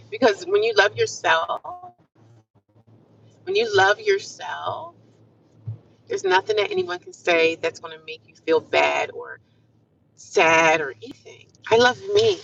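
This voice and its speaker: A woman's voice: medium pitch, very animated, unhurried, creaky, long pauses, fairly bright tone, slight background noise. Upbeat woman livestreaming from a car, chatty and affirming, caught a bit far off on a muffled phone mic. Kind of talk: casual livestream chat. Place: inside a car. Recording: distant, muffled phone audio.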